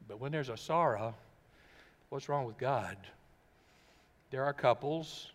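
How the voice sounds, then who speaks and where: A man's voice: mid-range voice, slow pace, long pauses. Emphatic male pastor with a long hall echo. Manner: emphatic, full of rhetorical questions. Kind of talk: sermon. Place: church sanctuary. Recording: long reverb of a church hall.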